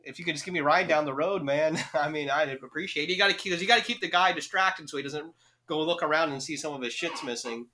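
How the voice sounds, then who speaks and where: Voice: medium pitch, quick pace, bright, forceful tone. A podcast co-host in casual chat who laughs often and acts out little scenes.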